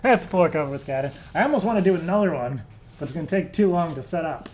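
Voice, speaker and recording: Young male streamer, slightly higher voice, casual rambling chat full of swearing. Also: expressive, quick pace, darkish tone, a little hiss or hum. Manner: rambling, laughing and swearing freely. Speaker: live show host.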